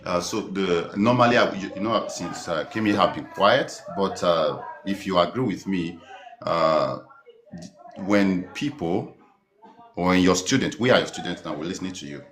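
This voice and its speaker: A man's voice: low-pitched, animated, moderate pace, fairly bright tone. A man taking part in an online group discussion, asking questions politely and with deference. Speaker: participant.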